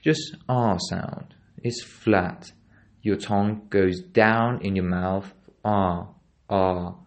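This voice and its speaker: A man with a deep voice hosts a solo podcast lesson on pronunciation. He speaks slowly and hesitantly, pausing often and repeating each example word several times to demonstrate it. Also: fairly even intonation. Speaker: podcast host teaching pronunciation.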